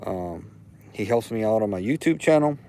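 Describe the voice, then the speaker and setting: A man's voice: fairly low pitch, lively intonation, moderate pace, warm tone, a little hiss or hum, rough recording. A man from Louisiana with a Louisiana accent, hosting a casual livestream, rambling and heartfelt, repeating himself as he talks. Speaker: livestream host. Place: outdoors.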